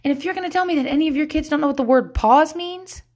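A woman's voice: sits high, quick pace, a little mellow. A woman in her thirties, a mother of young kids, talking candidly and bluntly, swearing freely and laughing often. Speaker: mother sharing parenting reflections. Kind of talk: casual candid monologue.

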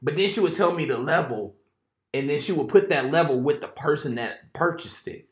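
Excitable joking man in an echoey room. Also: on the high side, a little fast. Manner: excitable, joking, builds stories with repetition. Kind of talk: casual group chat.

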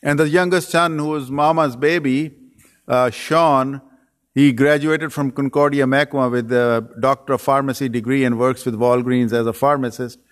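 A man's voice: medium pitch, fairly even intonation, normal speed. Man preaching in a church hall. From Pakistan. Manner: earnest, lists phrases in threes, dry self-deprecating humor. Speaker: guest preacher and missionary leader. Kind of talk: sermon. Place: church sanctuary. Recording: long reverb of a church sanctuary.

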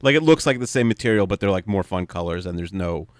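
Halting, self-deprecating middle-aged man. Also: deep voice, expressive, no room sound, studio quality. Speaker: podcast co-host. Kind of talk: casual chat.

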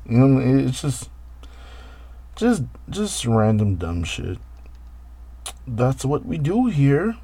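A man's voice: medium pitch, big pitch swings, slow pace, long pauses, dark tone, no echo. Profane, rambling man hosting a podcast. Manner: rambling, profane, talks straight to listeners. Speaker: podcast host. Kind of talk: casual solo podcast chat.

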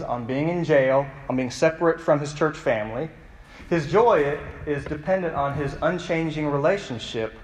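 A man's voice: a little high, echoey room, long reverb tail, low-quality recording. A man preaching a youth sermon as the youth pastor, telling stories in a conversational way and asking the audience questions. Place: church hall.

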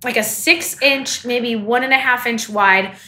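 A woman's voice: fairly high pitch, measured pace, sharp tone. A young woman co-hosting a podcast, chatting casually and rambling with fillers, often laughing. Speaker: podcast co-host. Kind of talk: casual chat.

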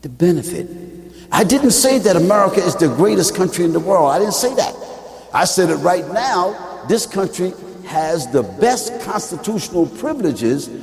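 A man preaching a lecture-style sermon, emphatic and full of rhetorical questions, sometimes rising to a shout. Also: high-pitched, sing-song, normal speed, gravelly, crowd noise. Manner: rises into shouting at peaks. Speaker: Muslim preacher. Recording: echoey hall with long reverb.

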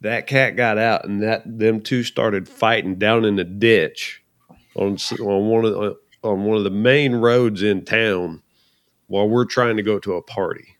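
A man's voice: lowish voice, steady tone, unhurried, no room sound, studio quality. A man hosting a podcast, telling a story in a laid-back, easygoing way. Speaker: podcast host. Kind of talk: casual chat.

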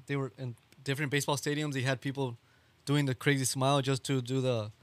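A man's voice: medium pitch, little pitch movement, fairly quick, no room sound. A man co-hosting a podcast in casual chat, laid-back and slangy. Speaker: podcast co-host.

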